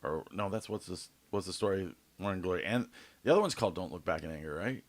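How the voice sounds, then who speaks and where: A young man tells a rambling story, full of swearing and loose fillers. His voice sits on the low side, and the close mic keeps it dry and dead. He sounds like one half of a laid-back podcast chat. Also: animated, fast, dry recording. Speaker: podcast co-host. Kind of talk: casual chat.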